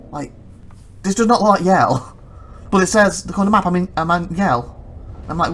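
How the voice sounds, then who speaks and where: A let's play host giving casual gameplay commentary, rambling and self-correcting, retelling a mishap with excitement and laughs. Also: mid-range voice, moderate pace, pauses often, slight background noise. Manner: chatty, excitable storytelling with laughs.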